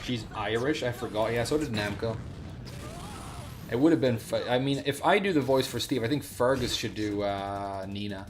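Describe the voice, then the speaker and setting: A man's voice: mid-range voice, moderate pace, noisy background. A man streaming a fighting game, chatting casually with rambling asides and plenty of fillers. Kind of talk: casual gameplay commentary.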